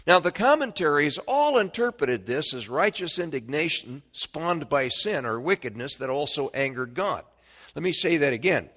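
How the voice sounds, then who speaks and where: Man, preacher, high voice, emphatic, restarts often, middle-aged, sermon. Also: sing-song, normal speed, a bit bright. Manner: emphatic, with many restarts and asides.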